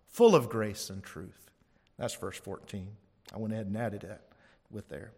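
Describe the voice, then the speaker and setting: A man's voice: lowish voice, steady tone, a little slow, vocal fry, long pauses, a little mellow, slightly rough. A man preaching a sermon as pastor, emphatic and rising on key phrases, asking the congregation for responses. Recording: long hall reverb.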